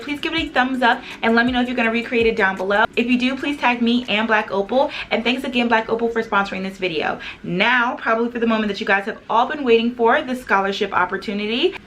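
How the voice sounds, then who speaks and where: A young woman with a hoarse, husky voice, chatting upbeat and directly to her viewers as a beauty vlogger. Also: on the high side, a bit bright, slight background noise. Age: young adult. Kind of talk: casual vlog talk to camera.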